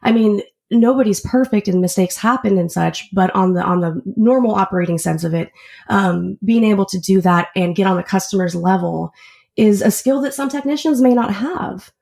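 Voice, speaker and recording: Female guest with a strong gravelly edge at mid pitch, earnest and chatty, explains things in detail. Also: moderate pace, a little mellow. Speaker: auto shop service advisor. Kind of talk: casual interview chat.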